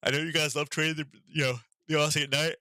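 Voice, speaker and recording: A man's voice: on the high side, flat delivery, quick pace, sharp tone, no room sound, low-quality recording. A man hosting a casual trading stream, talking loosely with lots of ums and sarcastic asides, tired and getting over being sick. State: recovering from illness, yawning. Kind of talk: casual market commentary.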